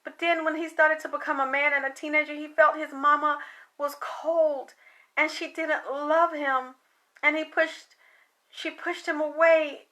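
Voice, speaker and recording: A woman with a high voice talks as a psychic medium, relaying a spirit's words in an emotional, wandering monologue. Her tone is bright and sharp, and she swears casually between the messages. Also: little pitch movement, unhurried.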